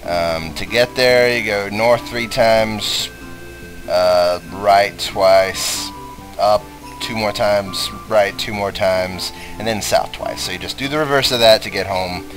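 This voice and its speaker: A man's voice: lowish voice, slow pace, music in the background, poor audio. A man giving casual, crude and sarcastic commentary while playing a game. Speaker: let's play commentator.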